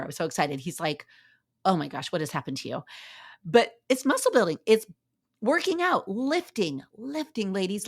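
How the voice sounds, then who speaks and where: A woman hosting a motivational fitness podcast, talking in an upbeat, chatty, cheerleading way and laughing often. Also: lowish voice. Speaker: podcast host.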